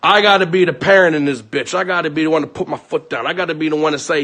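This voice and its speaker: A young man with a somewhat high, husky voice rants at his stream audience. He talks in heated, profane bursts, with the rough edge of someone unloading his grievances unscripted. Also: quick pace, hardly any pauses, bright, forceful tone. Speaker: streamer venting to his viewers. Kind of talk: angry unscripted rant.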